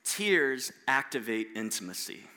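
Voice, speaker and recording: A man's voice: medium pitch, big pitch swings, measured pace, bright, forceful tone. A man preaching a sermon as a pastor, talking in a conversational, self-deprecating way with frequent restarts.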